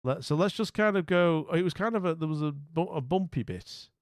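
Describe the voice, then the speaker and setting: A man's voice: on the high side, expressive, a little fast, smooth, dry recording, studio quality. A man streaming live, talking casually and rambling as he thinks aloud and greets his viewers. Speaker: streamer playing a geography guessing game.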